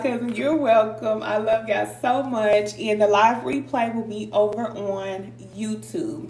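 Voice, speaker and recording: A middle-aged woman hosts a live stream and talks informally to her viewers. She laughs often and reads their comments aloud. Her voice sits a little high, and the room is echoey with a faint hum behind her. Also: darkish tone.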